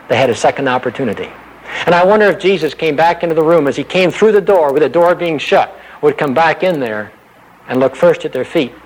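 A man's voice: a little high, low-quality recording. A man giving a conversational sermon, explaining Bible verses and asking his listeners rhetorical questions. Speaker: preacher.

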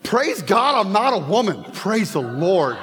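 High-voiced man preaching in a reverberant hall. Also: very animated, measured pace, background noise. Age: 50s. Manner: storytelling, joking with the congregation. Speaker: pastor. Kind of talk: sermon. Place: church sanctuary.

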